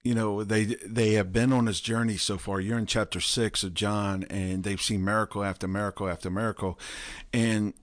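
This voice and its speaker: Low-voiced man musing on Scripture. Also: level tone, moderate pace, no room sound, clean studio sound. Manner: rambling, repeats words as he thinks aloud. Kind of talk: casual Bible discussion.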